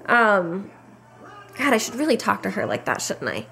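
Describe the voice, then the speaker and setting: A woman's voice: medium pitch, sing-song, normal speed, vocal fry, pushed and bright, faint music behind. A young woman telling a pregnancy story to the camera in a loose, chatty way, full of fillers and acted-out quotes. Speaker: pregnant mother vlogging her pregnancy. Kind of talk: casual chat.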